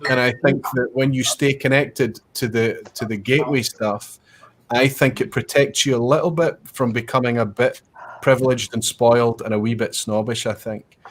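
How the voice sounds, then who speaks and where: A man hosting a casual chat, talking in a measured, reflective way. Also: medium pitch, fairly even intonation, slight background noise.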